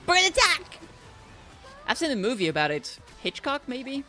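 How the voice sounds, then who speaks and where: A bubbly woman streamer chatting while she plays, her voice pitched a little high and very bright. Her pitch jumps around a lot as she gets excited, with game music playing faintly behind her. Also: fairly quick. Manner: bubbly and excitable, swearing casually. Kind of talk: casual live-stream chat while gaming.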